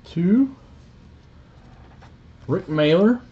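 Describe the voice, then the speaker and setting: A man with a Southern drawl talks slowly and easily, joking with viewers as he works through a card break. The audio is dull and lo-fi, like a home live stream. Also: sits high. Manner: relaxed, joking, chatty. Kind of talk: casual live stream commentary.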